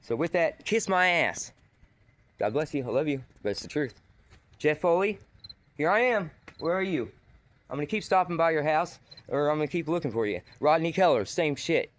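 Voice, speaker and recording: A man vents in a heated, accusatory monologue, his voice pitched slightly above the usual. He rants with a restless, aggrieved edge, and vehicle sounds hum faintly behind him. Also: expressive, normal speed. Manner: agitated, ranting, accusatory. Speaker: vlogger. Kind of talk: angry monologue to camera.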